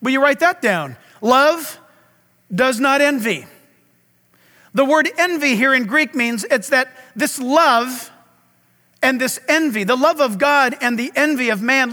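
A middle-aged male pastor preaching a sermon with impassioned, loud delivery and dramatic swings in a large church hall. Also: very high voice, animated, measured pace.

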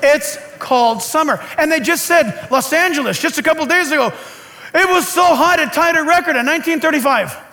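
A man preaching a sermon in an animated, joking way, with sarcastic asides to the congregation. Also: very high-pitched, fairly quick. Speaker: pastor.

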